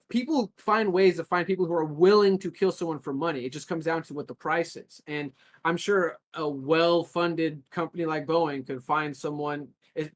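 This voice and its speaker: A man co-hosting a podcast, talking casually in long rambling runs with frequent restarts and a gloomy, nihilistic outlook. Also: on the high side. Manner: rambling, self-described nihilistic, restarts often. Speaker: podcast co-host.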